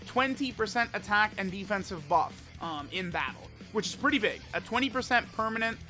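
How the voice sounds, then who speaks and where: A man with a high, bright voice talks through a mobile game in a loose, rambling way. He piles up fillers and restarts as he thinks aloud. Faint music plays under his close-miked voice. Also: expressive, brisk. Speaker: mobile game content creator. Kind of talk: casual gameplay commentary.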